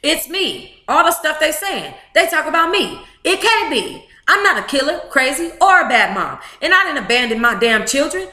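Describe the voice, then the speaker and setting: A woman's voice: sits high, very animated, normal speed, hardly any pauses, bright, forceful tone, reverberant. A woman reading a memoir aloud to a live book club chat, emotive and blunt, with profane asides.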